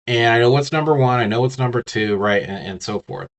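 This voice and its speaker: This man's mid-range voice moves a little fast as he gives a casual lecture on business communication despite having the hiccups. He addresses the listener directly, restarting often and leaning on fillers.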